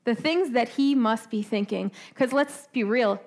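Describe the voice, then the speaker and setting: A woman preaching a sermon in a conversational way, asking her listeners questions and often tagging "right?", slowing down on key points. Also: on the high side, animated. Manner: slows down for emphasis.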